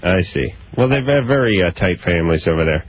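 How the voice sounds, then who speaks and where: A man's voice: low voice, animated, fairly quick, slight background noise. A man hosting a call-in radio show, blunt, teasing and crude in casual banter. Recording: muffled radio broadcast audio.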